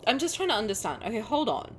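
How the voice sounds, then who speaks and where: A young woman streams a game with casual, jokey commentary and swears freely. Her voice is fairly high and swings widely in pitch. A faint hiss of noise sits under it. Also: big pitch swings, quick pace, a bit bright.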